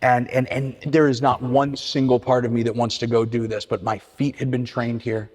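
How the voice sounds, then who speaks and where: A man's voice: medium pitch, level tone, normal speed. Middle-aged guy telling his recovery story, stumbles and repeats words, big echoey hall. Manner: earnest, many restarts and repeated words. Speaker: AA meeting speaker. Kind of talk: personal recovery talk. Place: church meeting hall. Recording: hall reverb.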